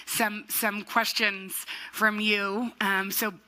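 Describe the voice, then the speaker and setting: Woman host, very bright timbre, lively playful stage chatter. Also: mid-range voice, slow, poor audio. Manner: chatty, animated, laughing often, playful asides to the audience. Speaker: host and book club moderator. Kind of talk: onstage conversation. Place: festival stage.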